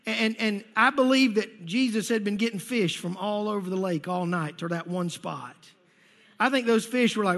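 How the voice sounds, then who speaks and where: A man with a notably high voice preaches to his congregation. He talks in an energetic, conversational way and slips into playful acted asides. His voice rings out with a long reverb, as in a church sanctuary. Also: a little fast. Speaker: pastor. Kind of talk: sermon.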